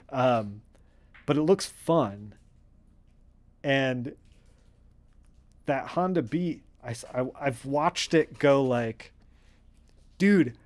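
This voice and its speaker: A male streamer chats casually while he colors comic art. He rambles with plenty of fillers and climbs quickly into excited outbursts. His pitch sits in the middle range. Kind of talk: casual livestream chat.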